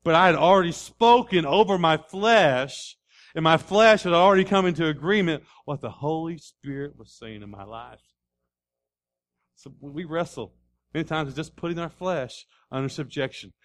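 Man, pastor, preaching a sermon, slightly high pitch, folksy, rising to loud repeated calls. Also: lively intonation, normal speed.

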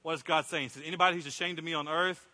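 In a church sanctuary with a long, echoing reverb, a middle-aged pastor preaches a sermon as conversational storytelling, acting out what people said. His voice is slightly high, steady in tone, very fast, bright and forceful.

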